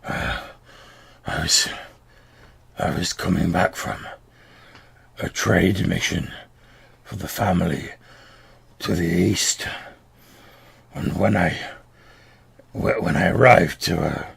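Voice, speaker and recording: A man's voice: deep voice, voice pushed down, full character voice. A man voicing a frightened captured nobleman who stammers through his story. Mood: shaken. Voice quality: gravelly, husky. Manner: halting, stammering.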